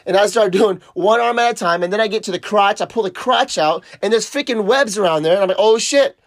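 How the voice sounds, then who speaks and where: Profane, animated man telling a story. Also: high-pitched, fast talker, no echo, studio quality. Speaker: podcast host. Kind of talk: casual storytelling monologue.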